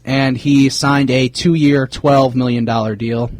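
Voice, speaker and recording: Taking things slowly in a medium-pitched voice, a man co-hosts a sports podcast. He's relaxed and uses many fillers while covering player news and reading off player signings.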